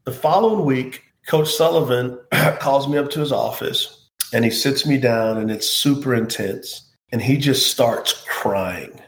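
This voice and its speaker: Speaking a little slowly at medium pitch, a former professional football player shares a personal story as an interview guest, sounding earnest, heartfelt and reflective. The room gives an echo.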